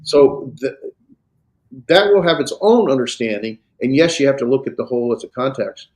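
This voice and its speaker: A man with an American Southern accent lectures a small class on grammar in a middle-pitched voice. He explains step by step, circling back with fillers and false starts as he works through each point. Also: expressive, moderate pace. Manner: explains patiently with many fillers and restarts. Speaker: Greek instructor.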